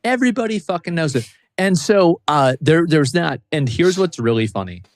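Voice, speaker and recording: A man's voice: on the high side, big pitch swings, normal speed, no echo. Emphatic man in casual dry-room chat. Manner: emphatic, swears for stress.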